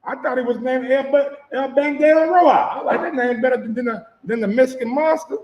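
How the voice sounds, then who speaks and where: Speaking briskly in a very high voice, a sports commentator loosely reacts to boxing footage with profanity, repetition and questions thrown at viewers. The recording, made in an echoey room, has its highs cut off.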